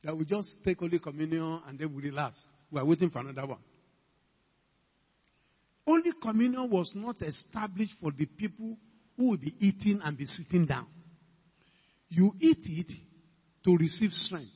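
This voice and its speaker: A man preaching in Ghanaian English, his husky voice sitting high as he calls out questions and builds to shouts. It sounds like a dull, lo-fi recording with a long reverb tail from a church hall. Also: lively intonation, moderate pace, long pauses. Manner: emphatic, calls out to the congregation, rising to shouts. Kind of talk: sermon.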